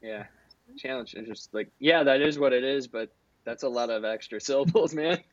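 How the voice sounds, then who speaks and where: A man's voice: mid-range voice, fairly quick, no room sound, muffled recording. A man with an Ohio accent hosting a podcast, chatting and joking in an easygoing way. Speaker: podcast host. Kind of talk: casual podcast chat.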